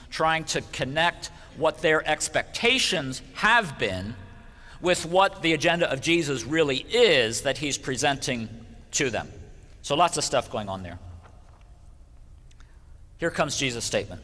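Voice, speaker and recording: Male pastor giving a conversational sermon in a long-echo church hall; animated delivery, bright voice. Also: mid-range voice, unhurried. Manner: animated, conversational, asks "right?" often. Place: church sanctuary.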